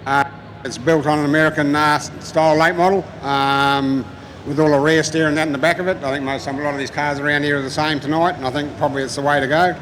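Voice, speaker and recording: Aussie driver guy, relaxed, lots of ums, slightly high voice, faint noise. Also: fast talker, poor audio. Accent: Australian. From Australia. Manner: laid-back, hesitant with fillers. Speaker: race driver. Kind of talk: casual trackside interview.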